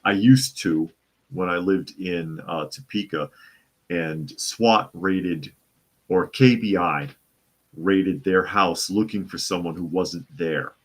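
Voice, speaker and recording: A man from the Boston area with a low, deep voice hosts a casual live talk show. He reads out viewer comments and answers them in a loose, conversational way. He often restarts sentences and repeats his own phrases. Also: takes it slowly.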